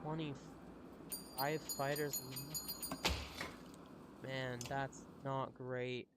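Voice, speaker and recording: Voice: medium pitch, level tone, drawn-out words, very noisy. A chatty streamer giving live commentary while playing, talking to chat. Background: game music.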